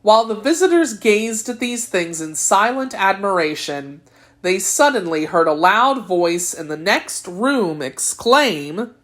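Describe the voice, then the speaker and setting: A woman's voice: medium pitch, very animated, a little slow. Woman narrating a storybook. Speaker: audiobook narrator.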